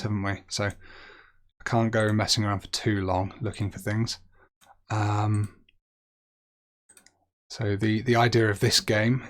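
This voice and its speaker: A fairly low-voiced young man talks through a guessing game as he plays it. He thinks aloud in a loose, chatty way and makes light of his own misses. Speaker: game streamer. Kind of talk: gaming commentary.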